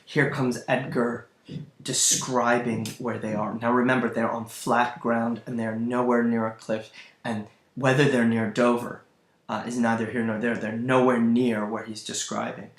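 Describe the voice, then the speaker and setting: A man's voice: mid-range voice, little pitch movement, a little slow. A man lecturing on a play, thinking aloud as he goes, searching for words and restarting his sentences. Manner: thoughtful, searching, with fillers and restarts. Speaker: literature lecturer. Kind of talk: recorded lecture. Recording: roomy echo.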